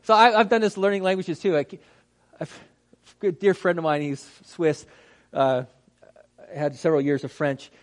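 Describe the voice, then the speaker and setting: A man who is a pastor giving a conversational teaching talk, lively and acting out how words get mispronounced, with many fillers and restarts. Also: on the high side, moderate pace, long pauses. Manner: animated, acts out mispronunciations.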